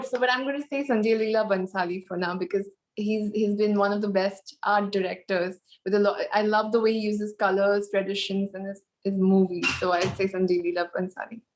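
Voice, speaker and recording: A woman's voice: medium pitch, steady tone, moderate pace, a little hiss or hum. Earnest young woman on a video call. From India. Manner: earnest, emotional, speaks with hesitant fillers. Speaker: pageant contestant guest. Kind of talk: candid interview chat.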